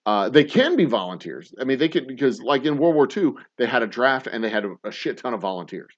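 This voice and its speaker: A man's voice: mid-range voice, sing-song, a little fast, dull audio. A man who owns a distillery and hosts a whiskey show, chatting casually with viewers in a rambling, blunt way, swearing freely and chuckling often. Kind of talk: casual livestream chat answering viewer comments.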